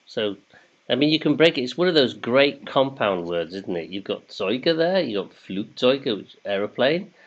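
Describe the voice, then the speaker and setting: A man's voice: medium pitch, big pitch swings, moderate pace. A man hosting a casual quiz, chatty and jokey, reading questions in English and then in German. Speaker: quiz host. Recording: dull lo-fi sound.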